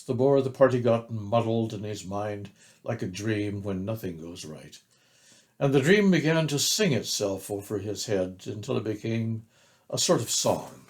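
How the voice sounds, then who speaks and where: An older man reading a children's book aloud, narrating slowly and gently. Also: on the low side. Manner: slow, gentle, expressive narration. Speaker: storyteller.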